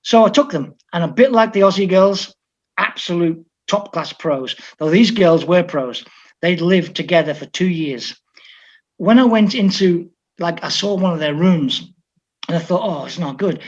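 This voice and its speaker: A man's voice: sits high, moderate pace. A man from England, a football coach, telling stories in an interview and acting out the dialogue of the people in them. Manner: lively storyteller who quotes others in dialogue. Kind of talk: conversational anecdote telling. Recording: slightly dull lo-fi audio.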